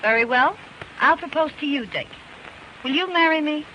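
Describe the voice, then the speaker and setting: A woman's voice: high voice, normal speed, sharp tone. An actress playing a spoiled, eager young rich woman in a 1930s film, coaxing and playful. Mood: pleading. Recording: noisy old film soundtrack.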